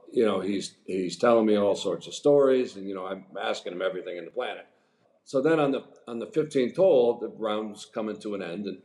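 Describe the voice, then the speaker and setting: A man in his sixties, a former pro golfer, telling rambling, animated anecdotes as a podcast guest. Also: lowish voice. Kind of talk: casual storytelling interview. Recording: echoey room.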